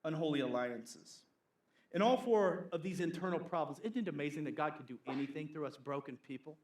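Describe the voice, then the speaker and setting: A pastor preaching in an echoey church sanctuary, his voice sitting high for a man. He is animated and playful, slipping into comic voices to act out gossiping church folk. The room rings around him. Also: fairly quick. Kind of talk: sermon.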